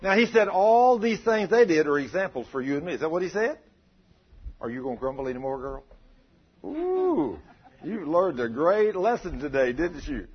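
A man preaching a sermon, calling out to his congregation and acting out prayers in an animated way. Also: fairly high pitch, moderate pace, husky, muffled recording.

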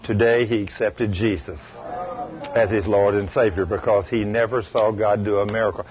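A man preaching a sermon, telling a story in a folksy, emphatic way that swings between loud bursts and low asides. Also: fairly even intonation, moderate pace. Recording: dull lo-fi radio recording.

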